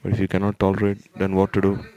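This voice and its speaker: A man with a very deep voice delivers a religious lecture, retelling a sacred story. He speaks in an even, flat tone, moving slowly and repeating or restarting his phrases as he goes. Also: background noise.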